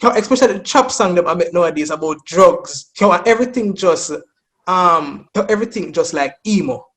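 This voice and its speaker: A young Jamaican man co-hosting a podcast, talking in an animated, casual way. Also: high-pitched, fairly quick. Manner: animated, sings snatches of songs to make points. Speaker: podcast co-host. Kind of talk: casual debate chat.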